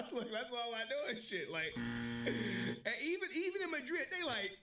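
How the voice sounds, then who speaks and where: A man's voice: extremely high pitch, huge pitch swings, a little slow, a loud crowd. A man chatting casually on a livestream, laid-back, laughing often and swearing. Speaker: streamer.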